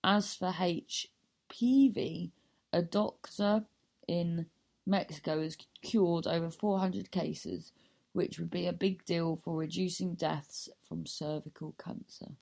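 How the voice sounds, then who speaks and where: Slow, gravelly woman comedian rambling. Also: lowish voice, steady tone, darkish tone. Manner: rambling, self-mocking, loses her thread. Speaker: comedian and podcast host. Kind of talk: casual podcast sign-off.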